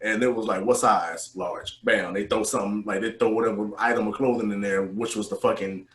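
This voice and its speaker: A man co-hosting a casual podcast, telling profane boot camp stories and loudly acting out the voices of the people in them. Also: lowish voice, fairly quick. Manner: profane, animated, acts out quotes loudly. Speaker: podcast co-host, navy veteran. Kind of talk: casual storytelling chat. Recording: echoey room.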